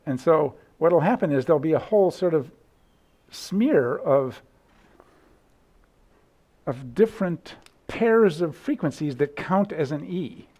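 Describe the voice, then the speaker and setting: A man's voice: a little high, darkish tone. A middle-aged man lecturing casually in a lecture hall, thinking aloud with restarts and sung vowel demos. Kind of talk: university lecture.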